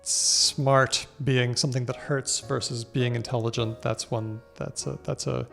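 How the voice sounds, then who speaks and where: An Australian man, a podcast host, chatting in a lively, teacherly way with quick asides. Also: mid-range voice, vocal fry, soft background music. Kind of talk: casual conversation.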